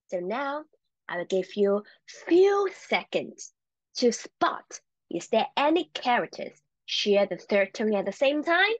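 A woman teaching a Chinese language lesson, encouraging and repeating words slowly for learners. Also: fairly high pitch, big pitch swings, dry recording, muffled recording.

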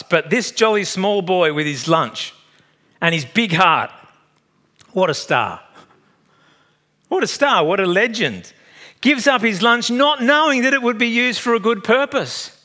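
Aussie pastor in his 50s, bright forceful voice, chatty storytelling sermon, bit high for a guy. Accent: Australian. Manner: storytelling, animated and chatty, laughs at own stories.

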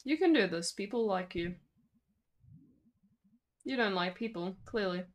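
A woman voicing a sardonic, awkward young college dropout in a game, with a deadpan, self-mocking delivery. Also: medium pitch, unhurried, lightly acted.

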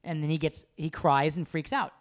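A man's voice: fairly high pitch, steady tone, moderate pace. A man co-hosting a casual chat, emphatic and exasperated, mimicking his partner as he makes his point. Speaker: podcast co-host.

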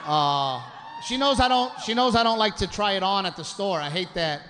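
A man performing a crude, self-mocking stand-up routine on a comedy club stage, telling an animated story. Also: high voice, normal speed, long reverb tail. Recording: live club recording with audible background noise.

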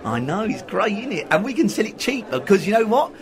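A man's voice: sits high, sing-song, a little fast. A man playing a dim, cheery shop assistant in a radio comedy, dithering and easily confused. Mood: chirpy. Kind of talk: amateur radio comedy acting.

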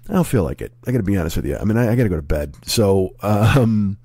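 A man in his forties with a hoarse, sick voice, rambling and swearing through a casual podcast monologue at home. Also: on the low side, big pitch swings, quick pace, dark tone, dry recording. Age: 40s. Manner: profane, rambling, self-deprecating. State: hoarse, sick with a sore throat. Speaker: comedy podcast host.

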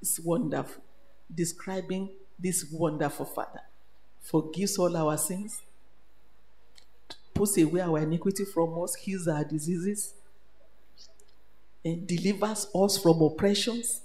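Nigerian woman preacher, animated sermon, echoey hall, long reverb. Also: on the low side, unhurried, pauses often. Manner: animated, switches between English, Pidgin and Yoruba. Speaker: retreat speaker.

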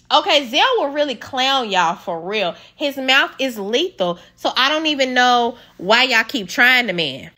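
A woman recapping a reality show in a sassy, opinionated way, animated and quick to take sides. Her voice is bright and a little high. She talks like she is chatting with friends. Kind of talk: casual recap commentary.

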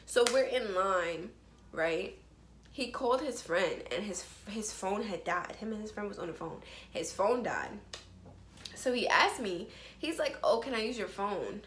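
A young woman tells a story to her viewers in a loose, chatty way, full of quick asides. Her voice sits in a middle range. The room is echoey, with a faint hum behind her. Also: medium pitch, lively intonation, a bit bright. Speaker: vlogger. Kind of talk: storytime vlog, casual chat.

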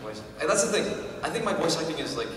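A man's voice: on the high side, quick pace. A young man on a convention panel, joking around as a fan voice actor in casual talk. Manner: joking, animated. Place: large convention hall. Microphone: distant from the recording mic. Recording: echoey hall from far off, crowd noise.

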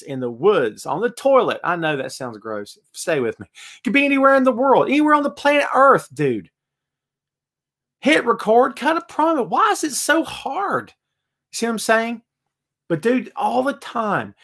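Excitable man ranting on a show. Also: sits high. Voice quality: animated, excitable, ranting delivery. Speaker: wrestling podcast host. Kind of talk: live show, reading chat comments.

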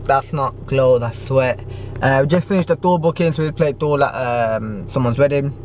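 A man's voice: medium pitch, moderate pace. A young man with a Midlands English accent, chatting loosely to his vlog camera. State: tired. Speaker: vlogger. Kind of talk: casual vlog talk. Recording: noisy handheld camera audio.

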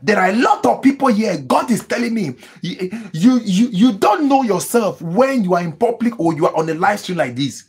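A man preaching as a pastor, with emphatic repetitions, sudden high cries. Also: expressive, normal speed, hardly any pauses, a little mellow, slightly rough. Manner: mimics people praying in tongues. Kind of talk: sermon.

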